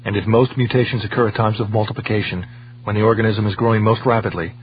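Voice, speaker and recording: A grave, clipped male scientist, read by a man speaks low and grimly. The recording is dull and lo-fi, and a faint hum runs through it. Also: fairly even intonation, fast, close to an everyday voice.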